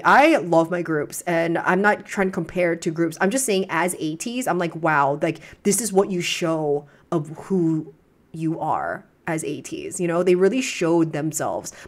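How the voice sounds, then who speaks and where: Excitable young woman fan, rambling. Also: lowish voice. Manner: gushing, excitable, rambling with restarts. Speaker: reaction streamer. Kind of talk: casual chat.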